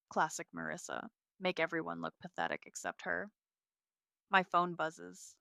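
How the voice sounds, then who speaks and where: A woman narrating a first-person story in a cool, measured way. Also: fairly low pitch, big pitch swings, gravelly, sharp tone, clear, resonant tone, no room sound, clean studio sound.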